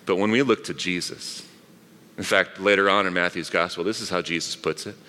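A man's voice: sits low, brisk, sharp tone. A middle-aged man, a pastor, preaching a sermon in a chatty way, with asides to the congregation. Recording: long reverb of a large hall.

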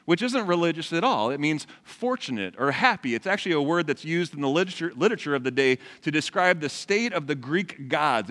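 A male pastor in his forties preaches to a live congregation, his pitch rising and falling with animated, expressive range. He talks conversationally and keeps turning to the crowd with questions. His voice carries a long reverb from the large church hall. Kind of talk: sermon.

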